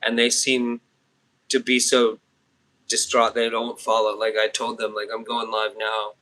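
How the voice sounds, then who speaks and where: Bright-voiced man in his fifties. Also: mid-range voice, monotone, unhurried. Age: 50s. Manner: laughs often, talks back to chat comments. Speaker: live streamer. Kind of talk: rambling casual live stream chat. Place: home, near a trailer.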